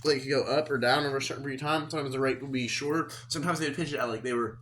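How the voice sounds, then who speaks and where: Fast-talking, cursing Oklahoma man. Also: medium pitch, fairly even intonation, fairly bright tone. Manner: profane, rambling storytelling. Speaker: podcast host. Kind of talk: casual chat.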